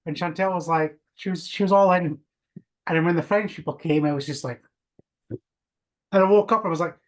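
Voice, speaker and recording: A man's voice: a little high, fairly quick. A man co-hosting a podcast, chatting casually about a film with blunt, sweary remarks. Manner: blunt, sweary, short reactions. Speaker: podcast co-host. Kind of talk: casual film review chat.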